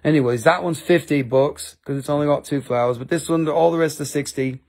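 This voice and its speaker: In casual live-selling chat, this Appalachian-accented crystal seller rambles, mocks himself and swears freely. He speaks fairly quickly in a fairly high, creaky, darkish voice.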